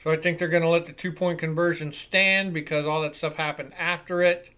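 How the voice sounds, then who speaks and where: A man hosting a live football reaction show, giving excitable, profane play-by-play commentary. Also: fairly high pitch, fairly quick, clean tone. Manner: excitable and profane, swears freely.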